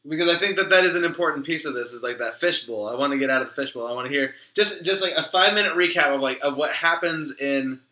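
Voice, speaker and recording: Man, bright voice, echoey room, casual chat full of "like". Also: a little high, fast talker, few pauses. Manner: says "like" and "you know what I mean" often. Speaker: podcast co-host. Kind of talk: casual discussion.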